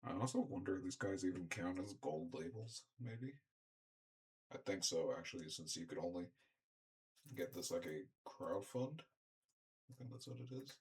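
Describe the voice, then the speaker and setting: A young man chatting casually as he unboxes and reviews action figures, rambling and often clearing his throat. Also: low-pitched, lively intonation, normal speed, long pauses. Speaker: toy reviewer.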